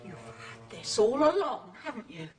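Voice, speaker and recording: An actress playing a brisk, polite neighbour's wife. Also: female voice, fairly high pitch, very animated, a little mellow, soft background music. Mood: reproachful.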